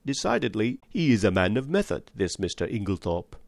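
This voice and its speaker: A calm, fussy elderly detective with a French-tinged accent, as a male narrator puts him on. His precise questions rise and fall in a lively way, recorded dry and close for an audiobook. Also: lowish voice, fairly quick, vocal fry, dry recording. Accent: put-on French-tinged. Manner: precise, placid, calmly probing. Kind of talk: audiobook reading.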